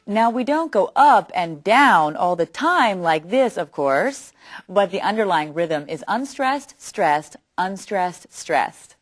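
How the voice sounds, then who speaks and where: A woman giving a clear, scripted educational narration. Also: mid-range voice, lively intonation, measured pace, no room sound. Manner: clear, explanatory.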